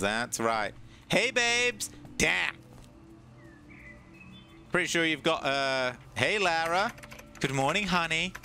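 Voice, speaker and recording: A male streamer giving casual, joking gameplay commentary, excitable and dropping into goofy low voices now and then.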